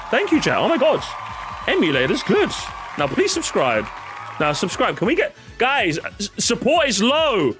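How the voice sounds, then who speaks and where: Animated, excitable male streamer. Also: a little high. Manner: excitable, laughs often, swears casually. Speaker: streamer reacting to chat. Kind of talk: casual react-stream commentary.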